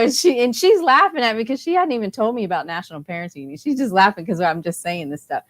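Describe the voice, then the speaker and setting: A woman from Texas telling an excited story in a casual chat, with lots of fillers. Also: mid-range voice, no room sound. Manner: enthusiastic, full of fillers, laughing often. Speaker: parent delegate guest.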